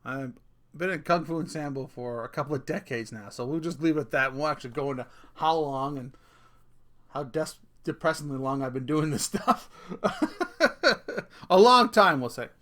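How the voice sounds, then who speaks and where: A man's voice: a little high, brisk, fairly bright tone. A middle-aged man vlogging a casual rant, telling a story with swearing and laughing at himself.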